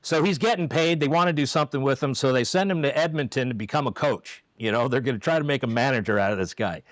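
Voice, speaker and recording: Lively man telling umpire stories. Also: mid-range voice, fast talker, no echo, rough recording. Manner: lively, acts out quotes with raised voice. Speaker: former umpire, co-host. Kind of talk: casual storytelling chat.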